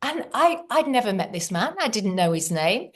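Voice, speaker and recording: A middle-aged woman, a podcast guest, telling her story in an earnest, animated way. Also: medium pitch, moderate pace. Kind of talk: casual storytelling.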